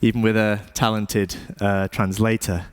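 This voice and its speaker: A man's voice: lowish voice, level tone, a little slow, smooth. A man, an artist giving a stage talk, speaking in a thoughtful, self-deprecating way with hesitant fillers.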